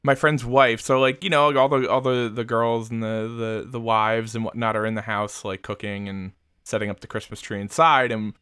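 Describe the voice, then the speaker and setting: Co-hosting a podcast, a young man rambles casually and swears a lot, though his delivery is flat. His medium-pitched voice is smooth and a bit bright at a moderate pace, recorded in a clean studio with no echo.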